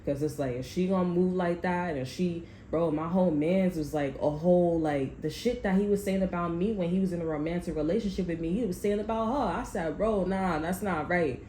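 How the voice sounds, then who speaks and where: A woman's voice: lowish voice, a little fast, few pauses, mellow. A woman telling a long personal story in a casual, rambling way, full of slang and swearing, often laughing. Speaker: tarot reader. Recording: echoey room with faint background noise.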